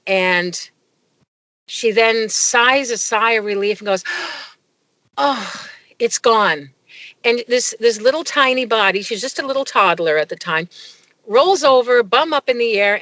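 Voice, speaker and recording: A woman's voice: fairly high pitch, a little slow, fairly bright tone, dry recording. A middle-aged woman, a guest in an interview, telling a personal story with many fillers and restarts. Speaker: guest, medical consultant.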